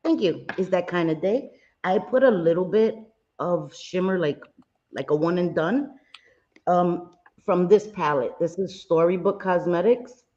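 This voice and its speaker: A woman's voice: fairly low pitch, unhurried, warm tone, lo-fi sound. Bubbly woman greeting her chat. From Puerto Rico. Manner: bubbly, greets viewers with pet names. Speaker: livestream host. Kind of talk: casual livestream chat.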